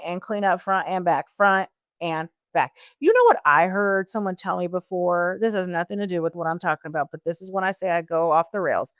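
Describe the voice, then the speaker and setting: A woman's voice: on the low side, dry recording, clean studio sound. A woman in her forties chatting casually as she tells her life story, talking straight to listeners and wandering off on tangents. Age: 40s. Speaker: guest sharing her story.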